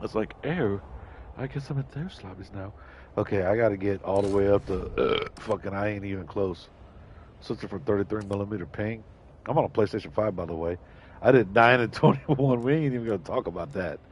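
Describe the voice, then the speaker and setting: A man's voice: lowish voice, fairly quick, slight background noise. A man streaming a shooter game live, cursing and trash-talking his opponents. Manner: profane trash talk, shouts at enemies. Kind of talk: live gameplay commentary.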